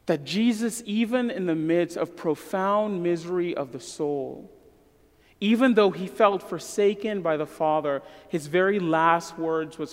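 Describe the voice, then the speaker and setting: A man in his thirties preaching a sermon as a pastor, earnest and emphatic, falling to a soft voice in prayer. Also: high voice, a little slow. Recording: long hall reverb.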